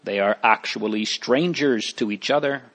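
A man's voice: medium pitch, moderate pace, a bit bright. A man voicing a solemn, thoughtful male pilgrim in a storybook. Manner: solemn, reflective.

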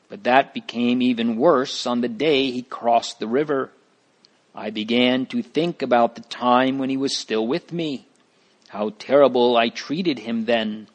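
A man's voice: medium pitch, natural voice. A man reading a story aloud, voicing a grieving but determined woman setting out on a journey. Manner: earnest, resolute.

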